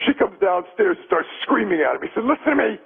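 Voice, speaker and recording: Man, gravelly husky voice, high-pitched, mock-indignant radio banter, tinny phone line. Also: very animated, fast talker. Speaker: phone-in guest comedian. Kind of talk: casual radio banter and joke telling. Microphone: telephone.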